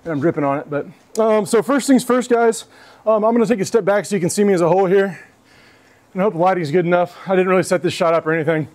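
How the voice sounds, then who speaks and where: A man's voice: sits high, fast talker, a little mellow. A man on a casual gear review vlog, talking loosely and swearing freely, out of breath after a long ruck march, outdoors with a clip-on mic. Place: outdoors in his front yard.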